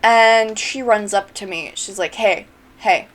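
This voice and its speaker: Slow-talking giggly young woman vlogger. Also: mid-range voice. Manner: giggly, chatty, laughs between phrases. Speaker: YouTuber. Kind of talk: storytime vlog.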